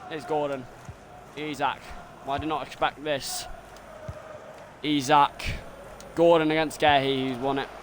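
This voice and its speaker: A young man streaming a football video game, giving his own excitable commentary that swings between frustrated rants and shouted goal calls. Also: on the high side, unhurried, long pauses, a little hiss or hum. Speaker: gaming streamer doing self-commentary.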